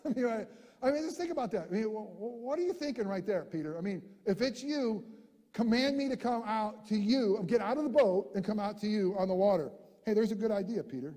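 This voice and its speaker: Animated high-voiced preacher man in a reverberant hall. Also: fast. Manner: animated storyteller, acts out characters, shifts from loud to hushed. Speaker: pastor. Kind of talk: sermon.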